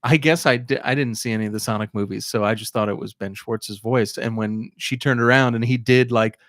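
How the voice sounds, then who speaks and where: A man's voice: mid-range voice, fairly even intonation, a bit bright, no echo, studio quality. A man co-hosting a podcast in casual chat, trailing off and restarting his sentences. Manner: halting, restarts mid-sentence.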